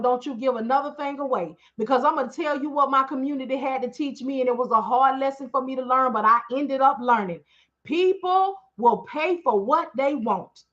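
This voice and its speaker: Woman, high bright voice, preachy testimony, lo-fi stream audio. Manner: preachy, emphatic, call-and-response asides. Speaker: business owner speaking to followers. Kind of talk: live-stream testimony to followers.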